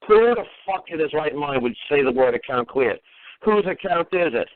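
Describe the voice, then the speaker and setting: A man's voice: on the high side, animated, moderate pace, no room sound. A man hosting a call-in talk show, scolding a caller in a profane, sarcastic way. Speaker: host. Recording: phone-quality radio audio.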